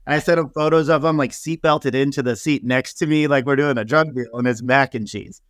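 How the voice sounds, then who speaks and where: A man talking casually in an interview, telling stories in an animated way and full of fillers. His voice sits in a middle range. The recording is dry and close, with no room sound. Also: medium pitch, brisk, no room sound. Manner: animated, laughing storyteller with many fillers. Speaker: celebrity hairstylist guest.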